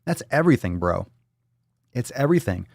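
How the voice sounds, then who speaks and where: A man's voice: mid-range voice, big pitch swings, fairly quick, creaky, a little mellow, dry recording, studio quality. A man hosting a casual livestream podcast, talking loosely and swearing freely while reading chat comments aloud. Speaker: podcast host. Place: indoors at home.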